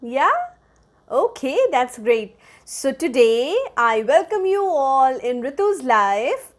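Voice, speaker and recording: A woman teacher reads a picture book to toddlers in a very high, sing-song voice that leaps up and down. She takes her time over every line. She keeps asking the little ones questions and acts out the bird calls. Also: expressive, slow pace, slight background noise. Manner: sing-song, coaxing, asks children questions; acts out bird sounds between lines. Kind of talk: reading a picture book aloud to young children.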